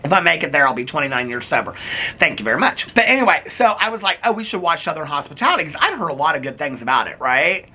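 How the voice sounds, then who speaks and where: A middle-aged man chatting casually to camera as a reality TV recap vlogger, animated and gossipy, laughing often and repeating catchphrases. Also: a little high, quick pace, husky.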